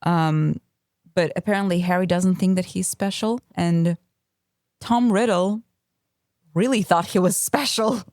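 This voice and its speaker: A woman's voice: fairly low pitch, measured pace, pauses often, a little mellow, no room sound, studio quality. A woman co-hosting a podcast, analysing a book and sharing facts she has looked up. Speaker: podcast co-host. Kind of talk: casual book discussion.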